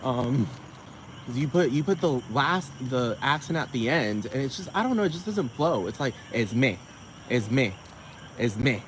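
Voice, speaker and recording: A man in a middle-range voice, rambling through a profane vlog rant. He keeps circling back to ask if you know what he means, and his pitch leaps up whenever he gets worked up. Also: lively intonation, moderate pace, slight background noise, poor audio. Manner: sudden jumps up in pitch when riled. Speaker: vlogger. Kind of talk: casual rant to camera.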